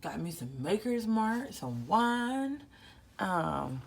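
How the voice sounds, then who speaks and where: A woman's voice: mid-range voice, very animated, takes it slowly, creaky, slight background noise. A young woman giving a chatty, slangy hotel room tour in casual vlog style, with many fillers. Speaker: vlogger.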